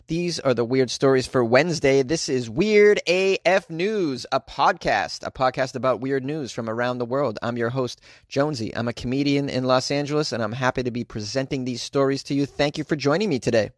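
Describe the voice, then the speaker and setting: A man hosting a comedic weird-news podcast, reading stories with animated jokey asides. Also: medium pitch, fairly quick, hardly any pauses, no echo, studio quality. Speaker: podcast host.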